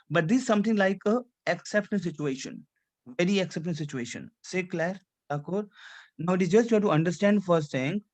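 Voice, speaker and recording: Male language teacher with a slightly raised voice, drilling a student on rules over and over. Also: a little high. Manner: repetitive, drilling the student, frequent checks for understanding. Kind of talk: classroom lesson.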